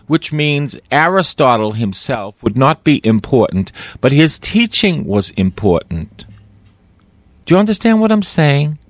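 A man's voice: medium pitch, darkish tone, no room sound. A man preaching a sermon, repeating phrases for emphasis and stretching out key words. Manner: repeats phrases for emphasis, rising on quoted lines; slow, drawn-out emphatic delivery.

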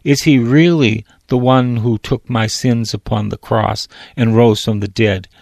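A man's voice: medium pitch, steady tone, a little slow, vocal fry, a little mellow, no room sound. A priest preaching a sermon, reading scripture aloud and breaking off to explain it, lifting his voice when he quotes God or a prophet.

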